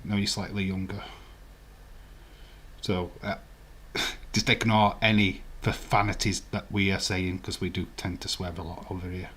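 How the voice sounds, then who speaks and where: During a casual live watch-along, the male host rambles through conversation, answering what viewers write and laughing often. His deep voice is level, a bit bright, and slightly rough, at a normal speed.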